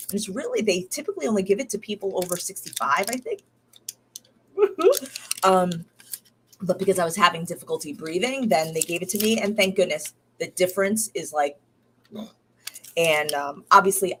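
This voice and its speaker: There's a slight hiss or hum behind this woman's lowish voice. She's a podcast host in her thirties, rambling diary-style with many fillers and false starts, weary and still recovering from being sick.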